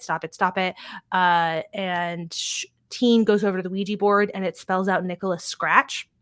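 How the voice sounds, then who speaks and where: Chatty and swearing freely, a woman hosting a podcast recaps a TV episode, paraphrasing the characters' lines. Her voice is medium in pitch and slightly bright, with no echo.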